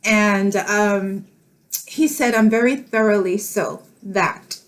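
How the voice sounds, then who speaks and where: A middle-aged woman speaking to camera in a tender, emotional personal vlog, laughing softly through tears as she talks. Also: medium pitch, takes it slowly. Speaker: vlogger.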